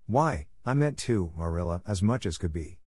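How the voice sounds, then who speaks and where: A man voicing an excitable, chatty orphan girl who gushes eagerly and breathlessly. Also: deep voice, normal speed, breathy edge, no room sound, clean studio sound. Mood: gushing.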